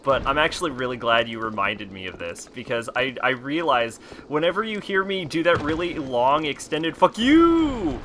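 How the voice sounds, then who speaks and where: A man's voice: medium pitch, normal speed, few pauses, pushed and bright, a little hiss or hum. Rambling, easily amused male streamer. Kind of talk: casual stream chat.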